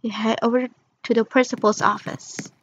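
A woman narrating a roleplay game in a plain, unhurried reading voice. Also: on the high side, little pitch movement, dull audio, background noise.

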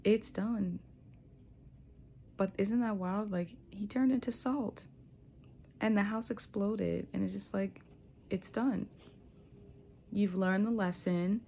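A woman's voice: medium pitch, fairly even intonation, slow pace, creaky, pauses often, warm tone, a little hiss or hum. A young woman telling a personal spiritual story in a casual, reflective way, full of likes and you knows. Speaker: vlogger sharing a spiritual journey.

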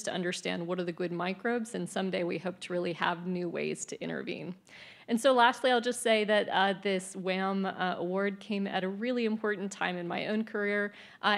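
A woman researcher explains her work earnestly, with frequent fillers. Her voice sits in a middle pitch with a gravelly edge. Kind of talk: scientific remarks at an event.

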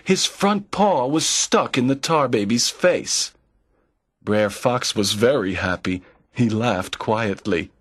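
A man narrating a folk tale slowly and clearly for language learners, in a measured storytelling manner. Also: medium pitch, lively intonation, dry recording, clean studio sound. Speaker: narrator of a graded reader. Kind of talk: slow scripted narration for learners.

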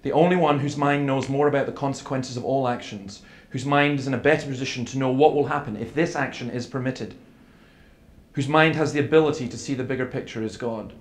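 A man's voice: medium pitch, steady tone, a little fast. A man giving an earnest seminar talk, telling stories with quoted dialogue. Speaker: preacher. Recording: echoey hall with faint room noise.

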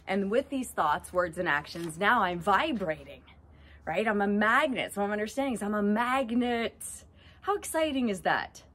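A woman's voice: mid-range voice, fairly bright tone, a little hiss or hum. Earnest, enthusiastic woman hosting a talk. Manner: earnest and enthusiastic, thinking aloud. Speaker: host. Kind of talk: inspirational self-help talk.

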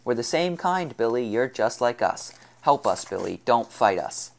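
A man reading the part of a hardened young man on the run, asking questions in a steady, measured way. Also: mid-range voice, creaky. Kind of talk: audiobook character reading.

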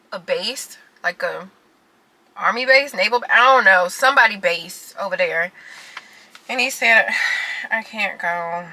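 A woman and mom of three vlogging casually to her viewers, chatty and animated, laughing often, filming on a phone from her car and out shopping. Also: mid-range voice, low-quality recording. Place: in a car, later inside a large store. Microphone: phone on a car mount.

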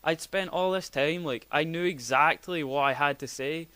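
A young man chats as a podcast guest in a smooth, clear voice of middling pitch. He rambles and hesitates, restarting his sentences as he thinks aloud. The recording is dry and close. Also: moderate pace, pushed and bright, dry recording. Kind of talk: casual chat.

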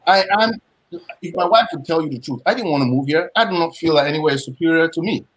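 A man with a Nigerian accent speaks on a live panel, his voice sitting a little higher than most men's. He talks emphatically and proudly, and he tells everyday stories in which he acts out both sides of the exchange. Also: animated, quick pace, poor audio. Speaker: panel guest.

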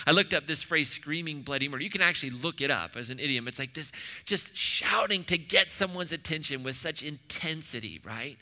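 A man's voice: fairly high pitch, pushed and bright, big-room sound. A man preaching a sermon at a church in a conversational way, asking the room questions and adding joking asides. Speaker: pastor. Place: church hall.

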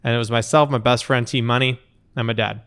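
A man in his thirties, an interview guest, telling lively anecdotes in conversation and acting out quotes along the way. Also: mid-range voice, fast, clear, resonant tone. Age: 30s. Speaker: company co-founder, interview guest. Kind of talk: conversational storytelling.

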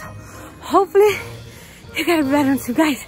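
A woman's voice: high-pitched, expressive, brisk, pauses often, darkish tone, soft background music. A woman chatting casually in an outdoor vlog while talking to her baby. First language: Portuguese. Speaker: vlogger. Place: outdoors at a park.

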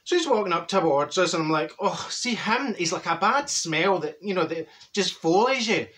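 A man's voice: sits high, animated, moderate pace, fairly bright tone. Man doing a chatty older Glasgow woman, Glaswegian Scottish accent, gossipy, laughing, comic monologue. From Glasgow, Scotland. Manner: gossipy, cheeky storytelling with frequent laughs. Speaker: comedy character host.

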